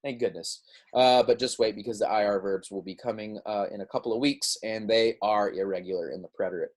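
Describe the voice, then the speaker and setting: A man teaching Spanish, giving a casual recorded lecture that drills verb endings slowly and jokes about himself. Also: fairly low pitch. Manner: self-deprecating, chatty, repeats drills slowly.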